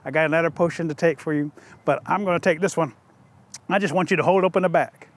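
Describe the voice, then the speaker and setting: A man's voice: on the high side, fast talker, close to an everyday voice. A storyteller voicing a sleepy little male mole who is wise and matter-of-fact. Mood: scheming.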